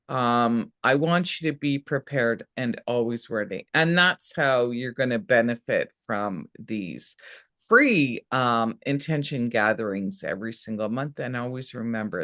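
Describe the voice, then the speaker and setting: A woman's voice: extremely low pitch, no echo, studio quality. A woman hosting a live online astrology workshop, speaking in an upbeat, encouraging and affirming way. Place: indoor room. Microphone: video call setup.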